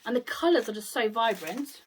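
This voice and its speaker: British lady doing a haul vid, kinda high voice, chatty and gushy about everything. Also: lively intonation, moderate pace, slight background noise. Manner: chatty, gushing, exclaims over items. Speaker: haul vlogger. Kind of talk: casual haul video chat.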